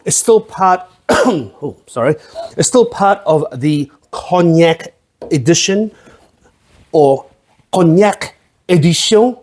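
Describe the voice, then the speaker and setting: A man, hosting a casual tasting vlog. He rambles and swears freely, with a mellow tone and a pitch that sits a little high. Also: animated, slow, pauses often. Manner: profane, irreverent, rambling. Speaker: host of a drinks review channel.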